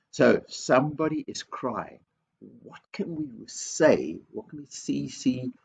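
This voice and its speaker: A man's voice: on the low side, breathy edge. A man, a headteacher giving an assembly talk to young children, emphatic and teacherly, repeating key words and asking lots of questions. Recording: dull lo-fi video recording with faint background noise.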